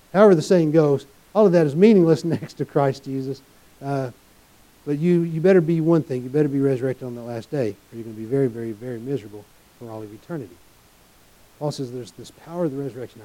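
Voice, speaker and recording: A man preaching a sermon in an earnest way, with folksy asides, swinging between loud and soft. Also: fairly high pitch, low-quality recording.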